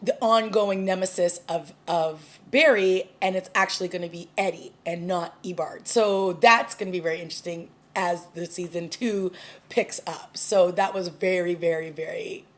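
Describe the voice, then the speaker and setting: A woman's voice: fairly low pitch, fairly even intonation, normal speed. A woman recapping and reviewing a TV episode in a casual, chatty way, full of fillers and restarts. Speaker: TV review vlogger.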